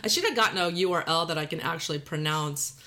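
Bright-voiced Texan woman podcast host. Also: low voice, quick pace. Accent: Texan drawl mixed with Californian Valley Girl. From Texas. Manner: chatty and self-deprecating, laughs often. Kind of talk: casual podcast chat.

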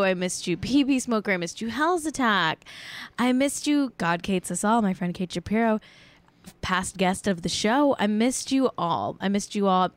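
A woman's voice: mid-range voice, no echo. A woman hosting a casual live-streamed show, joking around and riffing playfully. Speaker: show host.

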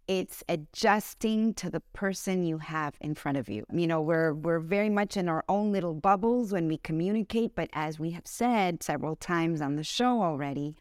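A woman co-hosting a podcast who speaks in a measured, supportive way in casual conversation. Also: lowish voice, darkish tone, dry recording, clean studio sound.

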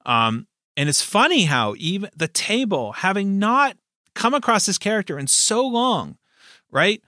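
A man hosting a relaxed chat about running tabletop games, slightly higher-pitched than most men. His voice is bright and forward, and he wanders through his points with fillers and restarts. The recording is close and dry. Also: measured pace, no echo. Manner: rambling, many fillers and restarts. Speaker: game master and podcast host. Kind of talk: casual chat.

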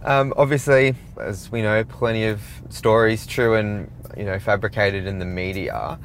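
A man asks his questions in a relaxed, easy manner, nudging the conversation along. His voice sits a touch low. Faint car ambience hums behind him. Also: normal speed, a little hiss or hum. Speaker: interviewer. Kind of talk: casual interview. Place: inside a parked car.

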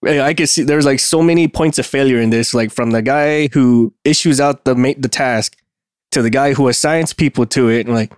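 A man's voice: mid-range voice, brisk, no echo, studio quality. A man co-hosting a casual podcast, agreeing and adding his own view. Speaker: podcast co-host. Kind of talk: casual chat.

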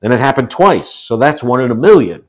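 A man in his sixties from the United States, a guest telling personal stories in a relaxed interview and acting out the quotes. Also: fairly quick. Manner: animated storyteller, acts out quotes with rising pitch. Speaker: guest, author. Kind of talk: storytelling in a casual interview.

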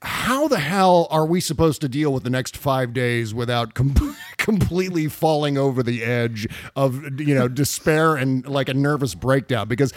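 A man's voice: medium pitch, lively intonation, normal speed, few pauses, no room sound, clean studio sound. A man hosting a casual comedy talk show, joking and laughing often. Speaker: host.

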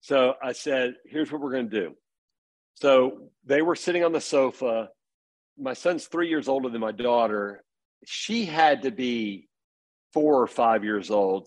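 A man's voice: mid-range voice, no room sound. A middle-aged man as a podcast guest, earnestly telling stories about parenting in casual conversation. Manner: earnest storytelling.

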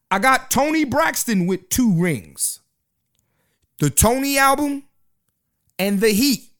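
Guy with a high voice running his own podcast, slangy and repetitive. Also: fairly bright tone. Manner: loose, slangy, repeats himself. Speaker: podcast host. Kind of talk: casual solo podcast chat.

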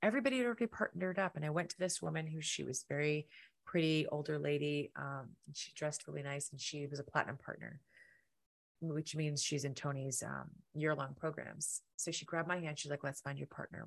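A middle-aged woman hosting a podcast, telling a personal story in an animated way and acting out the lines of people in it. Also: brisk, creaky. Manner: animated, acts out quotes with big pitch jumps. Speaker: podcast host.

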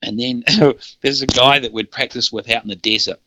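A middle-aged man from New Zealand, with a New Zealand accent, tells stories casually as a podcast guest, rambling, laughing and often restarting his sentences. His voice is mid-range with a steady tone and a normal speed, and the background is noisy.

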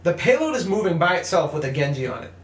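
A man's voice: fairly high pitch, big pitch swings, fast, reverberant. A young man in casual gaming chat who tells stories animatedly, acts out what people said, laughs often and swears freely. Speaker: podcast co-host.

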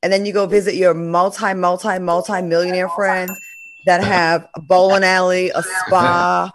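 A talk show host chatting casually with co-hosts in a lively, teasing way. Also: mid-range voice, normal speed, a crowd in the background. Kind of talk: casual chat.

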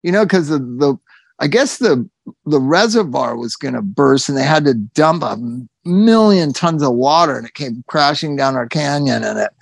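Animated gravelly man telling stories. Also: fairly high pitch, moderate pace, no echo. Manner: animated, swearing, acts out quotes. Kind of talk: casual storytelling chat.

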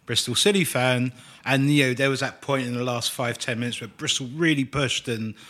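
A man's voice: medium pitch, fairly even intonation, brisk, fairly bright tone. A man co-hosting a casual football podcast, wordy and thoughtful, with playful turns of phrase. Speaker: podcast co-host.

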